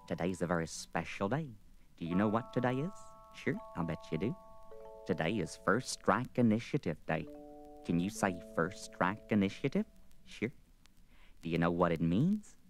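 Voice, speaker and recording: A man playing an older president as a slow, sing-song children's TV show host. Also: lowish voice. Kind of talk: comedy record sketch.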